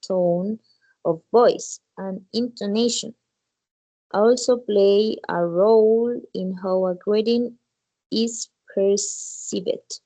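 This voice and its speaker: A woman student reads an English passage aloud at a slow, careful pace. Her voice is mellow and soft, and she makes small slips as she reads. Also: medium pitch, rough recording. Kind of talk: reading a text aloud in class.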